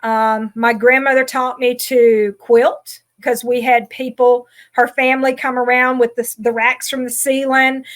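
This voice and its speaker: A woman in her forties with a mild Southern accent and a fairly high voice, sharing her story as a podcast guest. She talks in a chatty, self-deprecating way, with plenty of ums. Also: level tone, unhurried, few pauses. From Georgia, USA.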